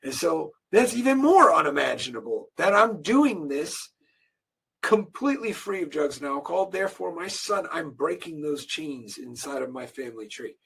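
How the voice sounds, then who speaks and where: A man's voice: on the high side, big pitch swings, moderate pace, vocal fry, a bit bright, husky, recorded from a distance. A man speaking emotionally as a podcast guest, close to tears.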